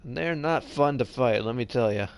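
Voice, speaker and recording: A man's voice: mid-range voice, moderate pace, creaky. A tired man streaming a game live, rambling casually and reading game text aloud as he plays. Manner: rambling, reads game text aloud, trails off mid-sentence. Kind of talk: casual live gameplay commentary.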